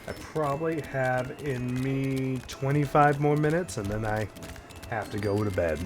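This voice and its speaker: A man's voice: medium pitch, a little slow, background noise. A man chatting on a live game stream, wry and muttering, still recovering from an illness. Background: faint game music.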